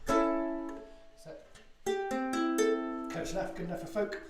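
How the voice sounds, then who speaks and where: A man's voice: slow, music in the background. Rambling jokey man on a distant mic. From Bristol, England. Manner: rambling, jokey, swears casually. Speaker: folk singer-songwriter. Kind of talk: banter between songs at a live-streamed gig. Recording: very echoey, distant mic, loud ukulele.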